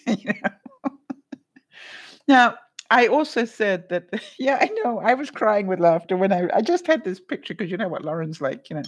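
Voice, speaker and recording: Woman live-streaming, casual chat, laughs often, very lively voice, greets viewers. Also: mid-range voice, unhurried, long pauses, breathy edge. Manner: laughs often while telling a story; acts out other people's lines.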